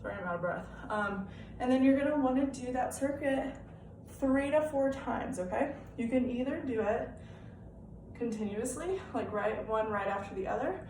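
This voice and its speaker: Young woman coaching a workout, highish mellow voice, echoey room, kinda far from the mic, faint hiss. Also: normal speed. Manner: upbeat, encouraging, checks in with "okay?". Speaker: fitness class instructor. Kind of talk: live-style home workout instruction. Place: room at home.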